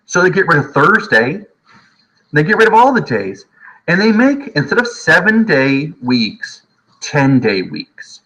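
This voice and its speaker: A man teaching history from home in a casual, jokey lecture, often slipping into quick voices of historical people. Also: on the high side, big pitch swings, pushed and bright, low-quality recording.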